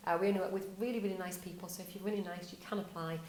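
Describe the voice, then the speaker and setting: A woman's voice: lowish voice, fairly even intonation, racing, darkish tone. A woman giving a casual whiteboard explainer to camera, upbeat and conversational, asking rhetorical questions as she presents a marketing tip. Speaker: estate agency owner presenting a marketing tip. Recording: echoey room.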